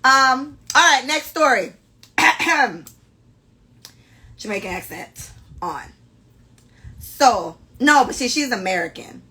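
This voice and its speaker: Woman host with a gravelly, fried edge, blunt and profane, casual podcast storytelling. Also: high-pitched, slow. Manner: blunt and profane, animated commentary. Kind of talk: casual podcast chat, reading listener stories aloud.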